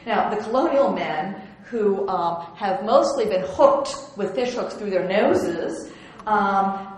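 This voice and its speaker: A woman giving a slide lecture on historical prints, chatty and wry, with many ums and restarts. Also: medium pitch. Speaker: museum curator giving an illustrated lecture. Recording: very echoey room with faint hiss.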